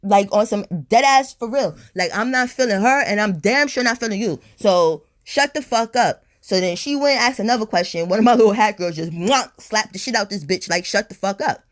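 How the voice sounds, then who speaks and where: A woman telling a storytime on her vlog in a blunt, profane, animated way, a little high and tipsy. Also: fairly quick, few pauses. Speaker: storytime vlogger. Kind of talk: casual storytime monologue.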